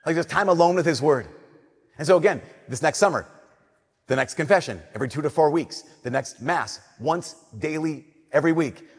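Young priest, male, slightly high and husky, conversational sermon delivery with long church reverb. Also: animated, brisk. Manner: conversational preaching, playful then hushed and earnest. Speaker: Catholic priest.

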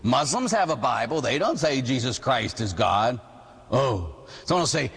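A middle-aged man, a priest, preaching a sermon with animated storytelling and mimicked voices. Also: medium pitch, moderate pace, vocal fry, breathy edge, in a large hall.

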